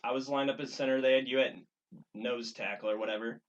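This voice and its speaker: A man's voice: medium pitch, fairly even intonation, quick pace. A young man guest on a podcast, laid-back and dry, mostly giving short replies. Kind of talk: casual chat. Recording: distant muffled mic with faint noise.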